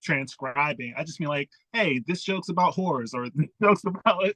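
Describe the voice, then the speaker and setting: A man's voice: on the high side, animated, moderate pace, pushed and bright, no room sound, poor audio. A man, a comedian, chatting casually about writing his sets, acting out his own thoughts as he talks.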